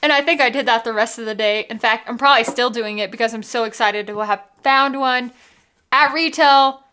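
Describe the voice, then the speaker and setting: A woman's voice: fairly high pitch, fairly quick, bright, forceful tone, a little hiss or hum. A woman hosting a casual whiskey vlog from home, bubbly and gushing, full of "like" and "literally". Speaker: whiskey vlogger.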